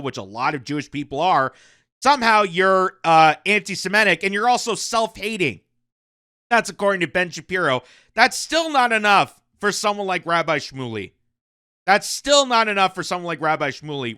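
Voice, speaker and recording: A man hosts his own commentary show, talking in a high voice with a clear, smooth tone. He is animated and mocking as he gives his opinions. The recording is dry and close to the mic. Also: dry recording. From Canada. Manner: animated, mocking, laughs between points. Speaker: commentary channel host.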